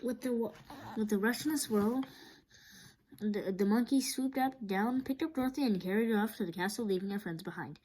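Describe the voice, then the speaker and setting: A woman reading a children's book aloud, steady but often stumbling and restarting. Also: mid-range voice, a little fast, slight background noise, poor audio. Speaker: storyteller.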